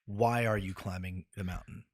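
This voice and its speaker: A young man, a former band member, chatting casually and animatedly, laughing and slipping into quick impressions. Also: low voice, steady tone, no room sound. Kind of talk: casual chat.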